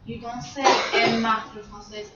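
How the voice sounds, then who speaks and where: Female student, quiet, questioning, distant in an echoey, muffled classroom. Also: on the high side, level tone, normal speed, over music. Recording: far-off, echoey, lo-fi with background noise.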